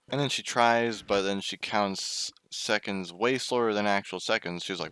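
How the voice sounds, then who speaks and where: A man's voice: lowish voice, moderate pace, hardly any pauses, a bit bright, clear, resonant tone, no room sound. A young man telling a casual story while gaming, chatty, swearing and breaking off to react to the game. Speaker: gaming YouTuber.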